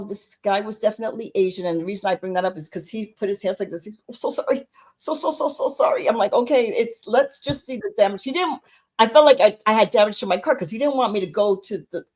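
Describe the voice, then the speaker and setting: A woman's voice: medium pitch, a little mellow. Woman co-host, chatty storyteller who acts out each quoted line. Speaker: podcast co-host. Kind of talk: casual storytelling chat.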